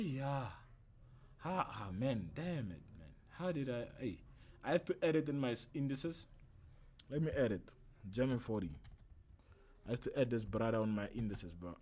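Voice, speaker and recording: A man's voice: on the low side, a little mellow, slightly rough. Chatty man teaching trading on stream. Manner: loose and chatty, keeps asking "right?", slangy asides. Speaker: trading instructor streaming a lesson. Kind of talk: casual livestream trading lesson.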